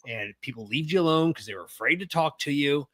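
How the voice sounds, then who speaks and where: A middle-aged man co-hosting a podcast, talking casually and gruffly with plenty of swearing, close to the mic. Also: on the high side, expressive, fast talker, fairly bright tone, no room sound. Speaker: podcast co-host. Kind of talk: casual chat.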